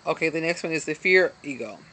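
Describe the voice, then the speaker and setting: A woman's voice: deep voice, expressive, quick pace, a bit bright. Earnest woman giving a self-help talk. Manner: earnest, encouraging, with frequent ums and asides. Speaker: motivational self-help speaker. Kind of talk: motivational talk to camera, reading from a book. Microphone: self-filmed, camera held in hand at arm's length.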